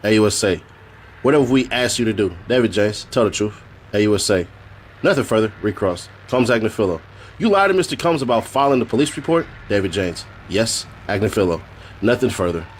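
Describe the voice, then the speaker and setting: A man's voice: on the low side, fairly quick, a little hiss or hum. A man streaming, reading a court transcript aloud in a casual way and breaking off for joking asides. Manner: reads flatly, then breaks off for joking asides and laughs.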